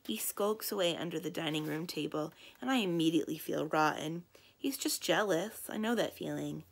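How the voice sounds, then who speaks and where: A woman librarian reading a children's novel aloud in a lively, expressive storytelling voice. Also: moderate pace, creaky, slightly rough. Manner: lively, expressive storytelling with big swings in pitch and loudness.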